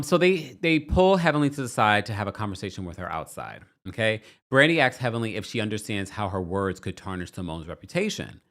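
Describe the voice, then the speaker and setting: A man's voice: medium pitch, a bit bright. A man hosting a reality TV recap, reading viewer comments and giving sassy, dramatic commentary.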